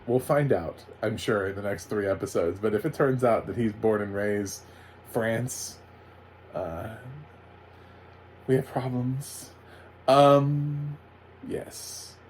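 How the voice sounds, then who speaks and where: A man reviews a show in a loose, sarcastic ramble, stopping and restarting often. His voice sits on the low side, and a faint hiss runs under the recording. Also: slow pace, pauses often. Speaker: TV recap reviewer. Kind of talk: casual spoken review.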